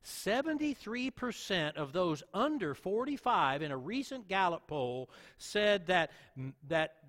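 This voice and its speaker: A man's voice: high-pitched, sing-song, measured pace, a bit bright, long reverb tail. A man who is a pastor preaching a sermon, earnest, repeating key lines for emphasis.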